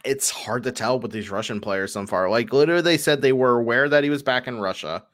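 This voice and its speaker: A man's voice: mid-range voice, fairly quick. Rambling man on a sports podcast. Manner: rambling, filler-heavy, animated when telling a story. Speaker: podcast co-host. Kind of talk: casual sports chat.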